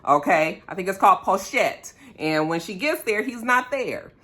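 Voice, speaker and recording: Woman vlogger, bright and punchy tone, casual profane recap with lots of sass. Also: medium pitch, expressive. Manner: chatty, profane, sassy, with quick asides to viewers. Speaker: reality TV recap host.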